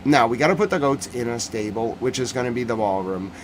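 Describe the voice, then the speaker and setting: A man's voice: mid-range voice, brisk, slight background noise. Guy hosting a news recap stream, mid voice, jokey and rambling. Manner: animated, joking, rambling. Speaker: news commentary host. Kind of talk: casual livestream commentary.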